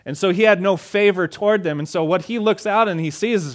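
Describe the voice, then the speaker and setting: A pastor delivering a conversational sermon, often acting out the lines of the people in the story. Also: male voice, sits high, fairly quick, hardly any pauses. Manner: conversational preaching, acts out dialogue.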